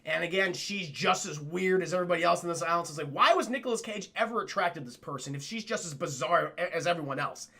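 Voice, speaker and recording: A young man retells a movie to his livestream chat in a loose, animated, profane way. His voice sits high and carries gravelly fry, with a bright, forward edge. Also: fast talker, few pauses. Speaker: film reviewer livestreaming to chat. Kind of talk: casual spoiler review on a livestream.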